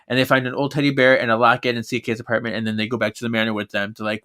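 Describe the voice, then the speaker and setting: A man's voice: mid-range voice, little pitch movement, racing, sharp tone. A man co-hosting a podcast, summarizing a book chapter by chapter with frequent laughter. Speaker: podcast co-host. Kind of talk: casual book-recap chat.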